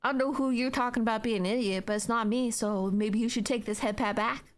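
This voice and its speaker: A young adult woman, a Twitch streamer broadcasting from home, chats playfully with her viewers, reading their messages aloud. Her fairly high voice is fast and fairly flat in intonation, rambling with lots of fillers between yawns.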